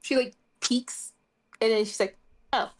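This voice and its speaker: A woman's voice: mid-range voice, moderate pace. A woman playing in a tabletop game, chatting in a playful, casual way. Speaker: player.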